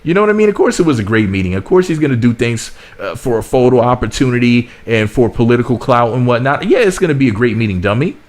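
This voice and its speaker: A man's voice: medium pitch, lively intonation, quick pace, few pauses. A man from the United States delivering blunt, sarcastic political commentary as a vlog host, often repeating himself. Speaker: commentary vlogger.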